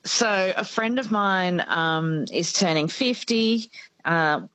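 A woman with an Australian accent hosting a radio show, chatting excitably and quickly, laughing often. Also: fairly low pitch, dry recording, rough recording. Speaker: radio host. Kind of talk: casual radio chat. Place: radio studio.

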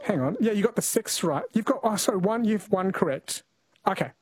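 A man's voice: high voice, animated, brisk, slightly rough, no echo, poor audio. A man hosting a radio call-in quiz, chatting casually with callers and often correcting himself mid-sentence. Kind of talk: casual talkback radio chat.

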